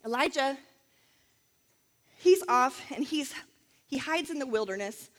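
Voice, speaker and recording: A woman's voice: high voice, expressive, measured pace, fairly bright tone, in a large hall. A woman telling a Bible story in a chatty sermon, with many fillers and asides. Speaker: Bible teacher.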